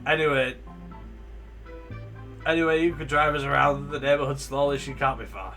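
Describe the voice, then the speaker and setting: A man voicing a drunk, boisterous male cosplayer passenger who talks loudly and sloppily in a video game, with faint music behind. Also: medium pitch, moderate pace. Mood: drunk, rowdy.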